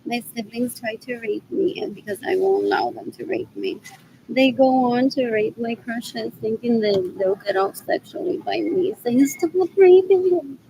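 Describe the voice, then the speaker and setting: A woman's voice: a little high, animated, normal speed, vocal fry, mellow, a little hiss or hum, poor audio. A woman talking alone to camera in a drifting, repetitive monologue, slipping in Spanish phrases. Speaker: vlogger. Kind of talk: rambling monologue.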